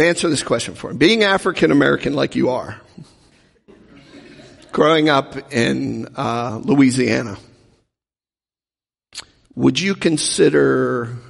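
A man's voice: mid-range voice, vocal fry, slightly rough, long reverb tail. A man preaching a teaching sermon, talking in a conversational way and often asking the audience questions. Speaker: pastor teaching a Bible class.

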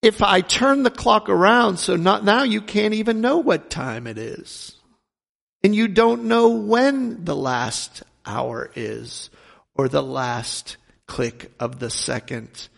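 A man preaching a sermon, asking rhetorical questions and swinging between loud and hushed delivery. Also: high voice, lively intonation, takes it slowly, gravelly, big-room sound.

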